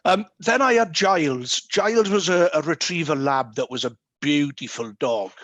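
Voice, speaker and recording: A man telling humorous stories with many fillers and pauses, speaking as guest at an online meeting over a video call. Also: on the high side, fairly bright tone, no room sound. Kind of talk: anecdotal talk at an online meeting.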